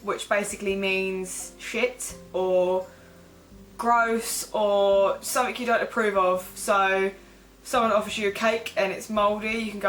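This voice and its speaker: A woman's voice: medium pitch, steady tone, measured pace, fairly bright tone, recorded from a distance. A young woman with an Essex accent, casually chatting on a vlog, rambling and self-deprecating with lots of fillers. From Essex, England. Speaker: vlogger. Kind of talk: casual chat explaining slang. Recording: echoey room with faint music.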